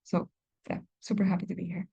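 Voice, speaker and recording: A woman from Costa Rica introducing herself on a video call in a warm, heartfelt way. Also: lowish voice, flat delivery, fast talker, gravelly, breathy edge. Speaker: program staff. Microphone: computer mic on a video call. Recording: dull, lo-fi call audio.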